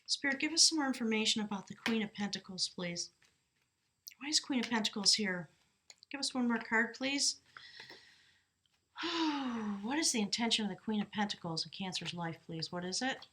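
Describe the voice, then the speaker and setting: A woman's voice: fairly high pitch, expressive, normal speed, pushed and bright, slight background noise. A woman giving a casual tarot reading from her desk at home, chatty and laughing often, breaking off to question her spirit guides and correcting herself mid-sentence. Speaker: tarot reader. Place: desk in a small house by an open door.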